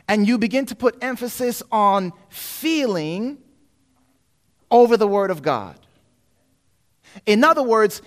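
High-voiced animated male preacher. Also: normal speed. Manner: animated, acts out quoted voices, swings from loud to hushed. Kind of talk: sermon.

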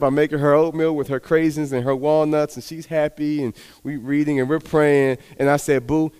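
A man preaching a sermon, telling a personal story and acting out the dialogue with lively, animated delivery. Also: mid-range voice, clear, resonant tone, long reverb tail.

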